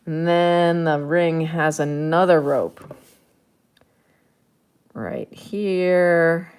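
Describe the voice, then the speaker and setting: Low-pitched woman, slow and playful, rambling to herself while she paints. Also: a little mellow, clean tone. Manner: chatty, thinking aloud, playful. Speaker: artist painting on camera. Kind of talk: casual narration while painting.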